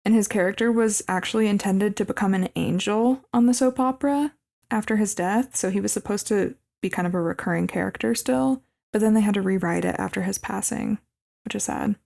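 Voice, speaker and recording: A woman co-hosting a podcast, narrating a movie plot in a relaxed way with asides. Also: medium pitch, a little fast, vocal fry. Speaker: podcast co-host. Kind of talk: casual podcast movie recap.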